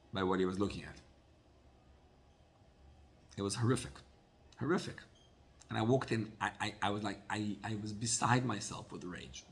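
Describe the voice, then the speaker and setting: A rabbi with a low voice teaches a Torah class, telling a story animatedly and often repeating words.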